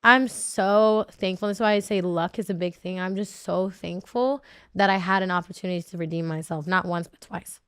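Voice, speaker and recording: In a candid podcast interview, a woman who was a reality show contestant talks emotionally, rambling with many fillers and restarts. Her lowish voice is smooth and fairly bright, fairly even in intonation at a moderate pace, with studio-quality sound and no room sound.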